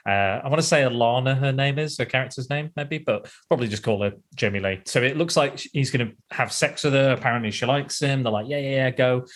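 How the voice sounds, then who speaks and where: A male podcast host at an ordinary middle pitch. He talks casually and rambles, restarting sentences and laughing as he goes. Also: quick pace, hardly any pauses.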